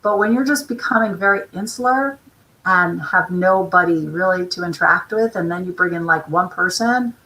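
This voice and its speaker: A woman hosts a casual talk show, chatting in long, run-on explanations. Her voice sits low but has a bright, forceful edge. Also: moderate pace, slight background noise, low-quality recording. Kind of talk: casual interview chat.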